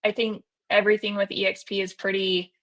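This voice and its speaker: A young woman, a realtor guest, talking in a relaxed, conversational way with hedging fillers. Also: medium pitch, fairly quick. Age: young adult. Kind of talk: casual interview chat.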